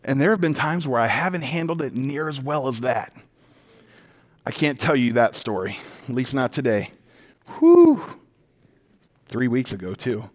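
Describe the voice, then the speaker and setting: A man preaching a sermon as a pastor, animated and emphatic, moving between loud declarations, quiet intensity and humorous storytelling. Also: medium pitch, moderate pace, pauses often. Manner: conversational storytelling with self-deprecating humor.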